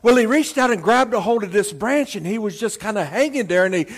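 A man preaching a sermon as pastor, in a folksy, animated storytelling way. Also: high voice, fairly quick.

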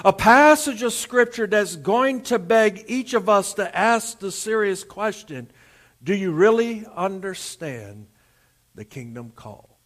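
A man preaching a sermon as pastor, telling a folksy joke and then reading scripture with drawn-out emphatic phrasing. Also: high voice, expressive, a bit bright. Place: church service streamed to homes.

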